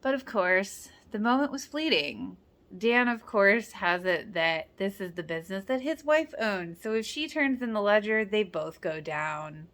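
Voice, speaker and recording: A woman's voice: mid-range voice, animated, measured pace, a bit bright. A woman hosting a rewatch reaction, talking casually, exclaiming often and quoting characters in passing. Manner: chatty, exclaims and laughs often, quotes characters.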